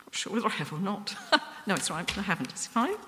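A woman delivers a sermon, earnest and gently self-deprecating, stumbling and restarting now and then. Her voice sits at a middle pitch. A long reverb trails behind her words in a church hall. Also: very animated, fast talker, slight background noise. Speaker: preacher.

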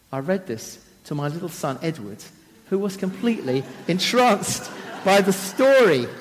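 A man's voice: sits high, very animated, normal speed, long reverb tail. Man retelling a story dramatically. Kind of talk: storytelling talk.

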